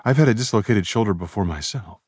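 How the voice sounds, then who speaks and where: A man's voice: on the low side, animated, fast talker, darkish tone, slightly rough, no room sound, studio quality, voice pushed up. A man voicing a small, frightened young woman in an urgent whispered role-play.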